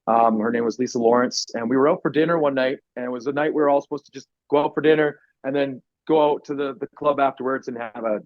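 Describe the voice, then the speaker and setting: A man telling a personal story on a podcast, animated and swearing often, acting out what people said. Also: mid-range voice, quick pace, hardly any pauses, dry recording. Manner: animated, swears a lot, acts out quotes loudly. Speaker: podcast guest. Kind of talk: casual storytelling. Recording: dry, dull lo-fi podcast audio.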